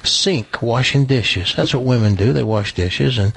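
A man hosting a radio show, telling a long joke in a folksy, animated way. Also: medium pitch, a little slow, creaky, noisy background. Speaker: radio host. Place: radio studio. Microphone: studio mic.

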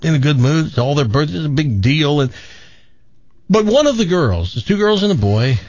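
Male radio host, animated storyteller, dry, slightly dull sound. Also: on the high side, normal speed, dry recording. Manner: rambling storyteller with fillers and restarts. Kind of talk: telling a joke on air.

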